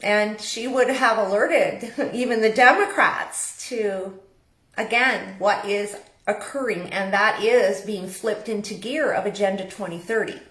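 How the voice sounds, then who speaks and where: A woman's voice: medium pitch, unhurried, a bit bright. Canadian woman hosting her stream, casual and rambly, lots of fillers, roomy sound. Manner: chatty, meandering, frequent fillers. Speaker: online show host. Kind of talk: casual live-stream talk.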